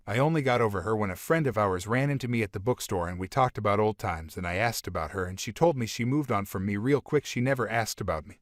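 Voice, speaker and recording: A man with a fairly low voice reads a first-person relationship story in scripted narration. His delivery stays steady and plain, and he reads quoted lines without putting on other voices. The sound is dry and close, with no room around it. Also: no room sound.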